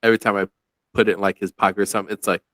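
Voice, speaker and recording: A man's voice: on the low side, level tone, racing, fairly bright tone, dry recording. A man on a casual podcast chat, telling a mischievous story and laughing as he goes.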